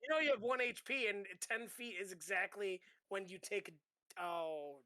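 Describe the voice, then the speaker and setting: A male player at a tabletop game with a bright, forward tone and a slightly raised pitch. He is animated and swears freely as he talks. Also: normal speed, dry recording. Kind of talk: casual tabletop game play.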